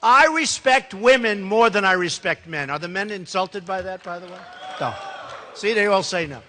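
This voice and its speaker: Male political candidate, campaign speech, emphatic and repetitive, bright voice, reverberant large hall. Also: high-pitched, lively intonation, normal speed, a little hiss or hum. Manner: emphatic and rambling, repeats himself. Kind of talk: campaign speech to a live audience.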